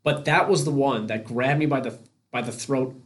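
A man hosts a casual podcast conversation and tells stories from his own life. He often catches and corrects himself mid-sentence. His voice is at a middling pitch. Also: normal speed. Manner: chatty, anecdotal, self-correcting. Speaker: podcast host. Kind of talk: casual interview chat.

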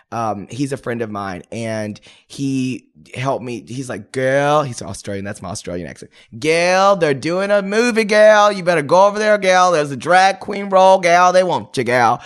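Man, interview guest, sassy, theatrical, mid-pitched voice. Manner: sassy, theatrical, calls people honey and girl. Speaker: interview guest, actor and drag performer. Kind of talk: animated interview storytelling.

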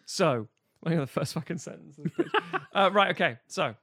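Man, podcast co-host, casual sweary film recap, bright tone, slightly high voice. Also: lively intonation, a little fast, no echo, studio quality. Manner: sweary, laughing, jokey recap. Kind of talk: casual chat.

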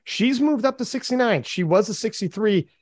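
A man hosting a casual podcast chat, animated and quick with asides. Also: high voice, no echo. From Canada. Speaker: podcast host.

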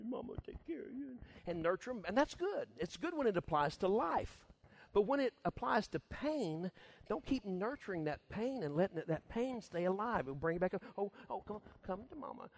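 A middle-aged man preaching a casual sermon as pastor, folksy and quick to laugh, acting out little voices. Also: high voice. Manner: laughs often, folksy and animated, acts out voices.

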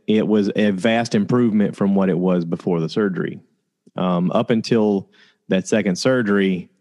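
Low-voiced man telling a personal story. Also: darkish tone. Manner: conversational, candid, pauses with fillers.

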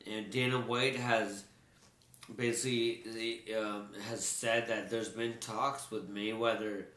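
A man's voice: on the low side, little pitch movement, takes it slowly, fairly bright tone. A man co-hosting a casual sports chat, rambling loosely with fillers and restarts. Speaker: sports talk co-host. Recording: roomy echo.

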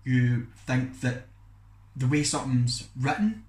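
A man's voice: mid-range voice, slow pace, darkish tone. A young Scottish man, co-hosting a podcast, chatting casually and mocking himself. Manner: chatty, self-mocking, lots of "aye". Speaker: podcast co-host. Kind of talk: casual chat. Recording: echoey room with faint noise.

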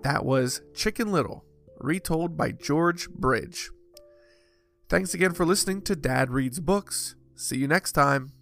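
A man hosting a show where he reads children's books aloud in a slow, expressive, rhythmic way. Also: on the high side, vocal fry, faint music behind. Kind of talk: storybook read-aloud.

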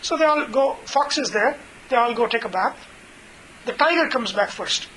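A man's voice: very high voice, expressive, normal speed, bright, forceful tone, slight background noise, rough recording. A man teaching an informal scripture class, chatty, full of "you know" and retold stories. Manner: chatty, many fillers, retells stories.

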